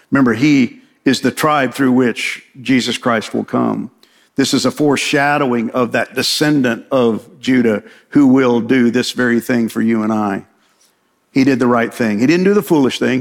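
A man's voice: mid-range voice, gravelly. A man preaching a sermon, retelling a scripture story in paraphrased dialogue and checking in with the congregation. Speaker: pastor.

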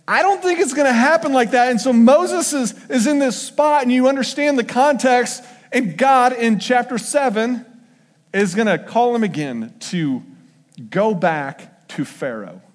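High-voiced man preaching in a reverberant hall. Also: expressive, a little slow. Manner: conversational, acts out quotes with shifting voice. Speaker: pastor. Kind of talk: casual sermon teaching. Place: church sanctuary.

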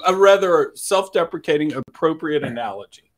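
A man's voice: medium pitch, normal speed, a little hiss or hum. Joking man co-hosting a podcast. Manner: joking, animated storyteller. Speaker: podcast co-host. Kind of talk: casual chat.

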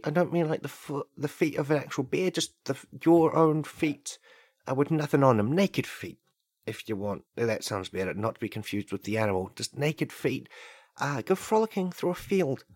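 A man voicing a dreamy, barefoot-loving male ad pitchman in a spoof advert, slow and soothing. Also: no room sound, studio quality.

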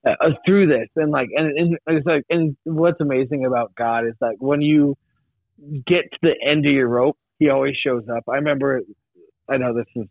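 A man's voice: mid-range voice, steady tone, moderate pace, gravelly, dry recording. Young man, podcast guest, rambling casual testimony, dry close sound through a tinny phone-like line. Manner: rambling, many restarts and likes.

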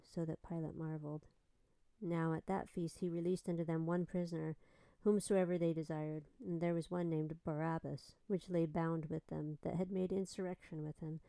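A woman reading scripture aloud in a calm, unhurried voice. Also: lowish voice, gravelly, dry recording, low-quality recording. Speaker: scripture reader.

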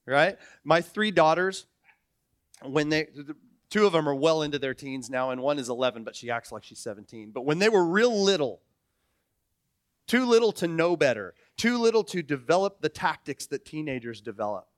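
A pastor in his forties with a high, bright-edged voice preaches a sermon. He tells stories with animation and acts out their characters. The recording is dry and close, with no room sound. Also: big pitch swings, moderate pace, no echo.

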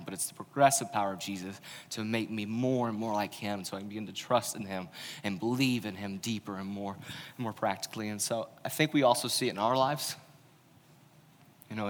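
A young man preaching a candid, conversational sermon as pastor, acting out the voices he quotes. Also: on the low side. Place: church hall. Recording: long hall reverb.

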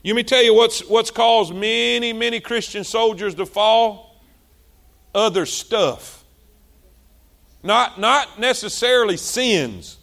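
A male pastor, preaching a sermon with passion, repeating himself and swinging between loud and soft. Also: sits high, slow, gravelly.

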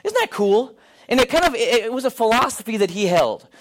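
A man's voice: brisk, slight background noise. A middle-aged male pastor preaching a sermon, telling stories and acting out the dialogue in them. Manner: animated storyteller, acts out dialogue with rising pitch. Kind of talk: sermon with storytelling.

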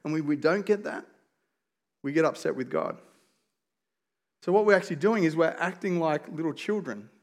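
Man, pastor, sermon, earnest storytelling, slightly high voice. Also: normal speed, pauses often. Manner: earnest storytelling, shifts to quiet prayer.

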